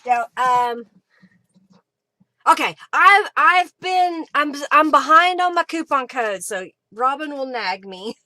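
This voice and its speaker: A woman hosting a live craft stream in her home craft room speaks slowly but animatedly, her voice sitting high with a sharp tone. Searching for supplies, she chats casually and rambles, voicing her thoughts as she goes.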